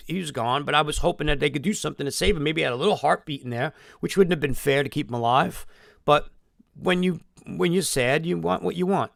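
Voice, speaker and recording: Gravelly-voiced man, rambling live stream. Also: on the high side, a bit bright, no room sound, studio quality. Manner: rambling, emotional storytelling with frequent swearing. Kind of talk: casual live-stream monologue.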